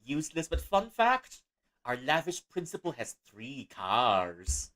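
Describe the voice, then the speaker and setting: A man's voice: medium pitch, wildly swooping pitch, takes it slowly, fairly bright tone. Laughing man streaming a game. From Malaysia. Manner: jokey, laughs often. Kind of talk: casual livestream commentary.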